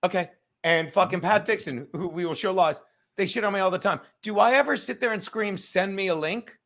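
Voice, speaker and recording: Bright, fired-up, swearing stream host. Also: male voice, high voice, a little fast. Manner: profane, rambling, fired-up. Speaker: livestream host. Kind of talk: livestream chat.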